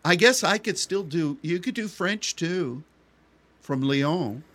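A man's voice: on the high side, animated, takes it slowly, a bit bright. Rambling, joking male radio co-host. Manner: rambling, joking, many restarts. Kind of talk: casual chat.

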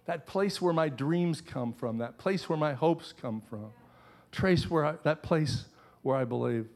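A man's voice: fairly high pitch, measured pace. Earnest man preaching a sermon. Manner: earnest preaching with repeated phrases. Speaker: pastor.

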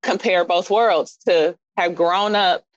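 A woman from Kansas City with a Midwestern accent, chatting as an interview guest, animated and expressive. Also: slow, no room sound, dull audio. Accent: Midwestern American. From Kansas City, Missouri. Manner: animated, expressive, jumps up in pitch for emphasis. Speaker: fashion designer guest. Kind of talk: casual interview chat.

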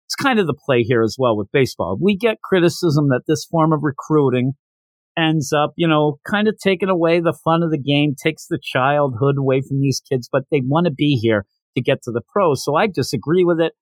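A man hosting a podcast, talking through a manga in a chatty, opinionated way as he recaps scenes. His voice is a little higher than most men's. The sound is dry and close, with no room. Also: expressive, fairly quick, dry recording. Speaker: podcast host reviewing manga. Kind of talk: casual review commentary.

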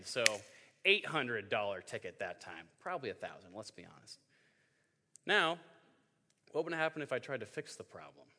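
A man's voice: mid-range voice, sing-song, fairly quick, sharp tone. A young man in his twenties giving a joking sermon to a youth group, telling stories and acting out voices. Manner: joking storytelling, acts out voices. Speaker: youth pastor. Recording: hall reverb.

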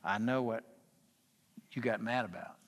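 A man's voice: fairly low pitch, a little slow, close to an everyday voice. A man voicing God as a stern, fatherly figure who gives firm, scolding commands in a sermon. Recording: long hall reverb.

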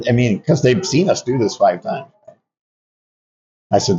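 A man's voice: medium pitch, expressive, measured pace, long pauses, dark tone. An older man, an Army veteran, telling reflective stories in an interview, with frequent fillers and restarts. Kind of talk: conversational interview storytelling. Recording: dull lo-fi audio.

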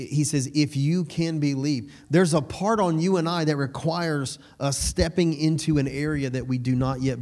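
A man's voice: medium pitch, darkish tone. A man preaching a sermon in a conversational way, laughing between points and asking the room if they follow. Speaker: pastor.

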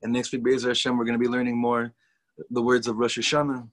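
A man's voice: medium pitch, completely flat delivery, fast. A man teaching a Torah class to students, talking in an enthusiastic, chatty way and mixing in Hebrew and Yiddish words.

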